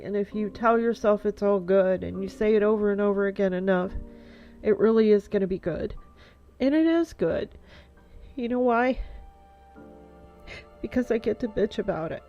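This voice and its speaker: A middle-aged woman vlogging in a casual heartfelt monologue, rambling with lots of fillers, stuffy-nosed and teary. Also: medium pitch. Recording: dull lo-fi dry sound.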